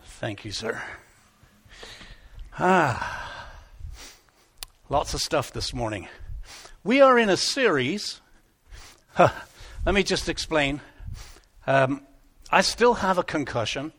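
A pastor tells a Bible story to children in church, keeping them in it with questions. His voice sits high and moves with lively energy. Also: slow pace, pauses often. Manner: animated, asks the children questions.

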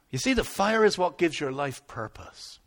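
A man preaching a sermon in an animated, conversational way, repeating words as he builds up and slipping into little acted asides. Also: on the high side, unhurried, creaky. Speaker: pastor.

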